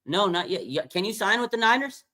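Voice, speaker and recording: A doting mother keeps phoning her son, pleading in a bright, sing-song lilt pitched far above a normal speaking voice. A man puts her on in a falsetto-like tone. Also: animated, brisk.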